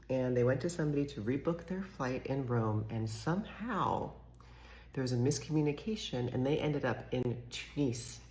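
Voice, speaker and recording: A man's voice: medium pitch, darkish tone, roomy sound. A man giving casual reaction commentary, incredulous, spelling words out letter by letter.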